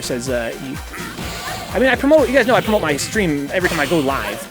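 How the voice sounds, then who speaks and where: A man's voice: a little high, big pitch swings, fast talker. A man hosting a casual live game stream, rambling and chatty, reading chat messages aloud and swearing casually. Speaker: streamer and host. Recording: game music playing under the voice.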